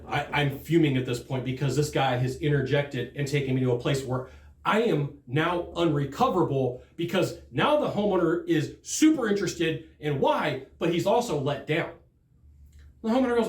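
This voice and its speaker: A man giving a sales training talk, telling stories from the field in an animated, emphatic way. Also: on the high side, a little fast, roomy sound.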